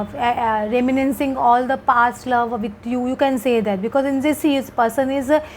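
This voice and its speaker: High-voiced woman. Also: a little hiss or hum, low-quality recording. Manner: hesitant, repetitive, many fillers. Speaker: tarot reader. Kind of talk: casual tarot card reading to camera.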